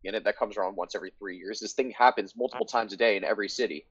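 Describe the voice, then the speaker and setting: Fast-talking husky male streamer. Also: fairly low pitch, no echo. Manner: joking, swears freely. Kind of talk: casual chat. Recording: dull lo-fi mic.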